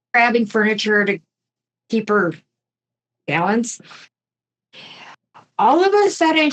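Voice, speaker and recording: Slow, chatty woman telling a crime story. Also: mid-range voice, a bit bright, poor audio. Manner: chatty, jokey asides while telling a grim story. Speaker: podcast host. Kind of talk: casual true crime storytelling.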